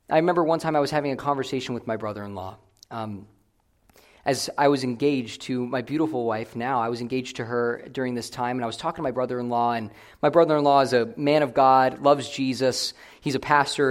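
A young man delivering a sermon as a pastor, earnest, swinging between loud emphatic declarations and quiet, hushed asides. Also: mid-range voice.

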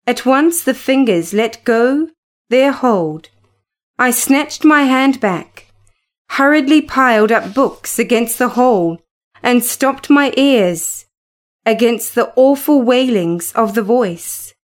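A woman narrating a classic novel in a deliberate, dramatic reading. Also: a little high, animated. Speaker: audiobook narrator.

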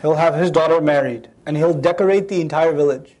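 Animated male Islamic preacher. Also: on the high side. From Pakistan. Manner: storytelling lecture, acts out quoted people, recites Arabic verses fast. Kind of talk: sermon.

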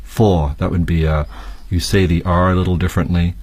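A Canadian man with a Canadian English accent, a guest teacher who reads a lesson text and explains with relaxed examples. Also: deep voice, fast talker, slightly rough, dry recording. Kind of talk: reading a textbook passage and chatting.

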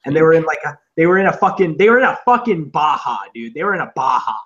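A man co-hosting a podcast, chatting casually in a rambling, profane way and acting out loud shouted quotes. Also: fairly high pitch, expressive, fast talker, dull audio. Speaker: podcast co-host. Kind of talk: casual comedic chat. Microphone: on camera, seated.

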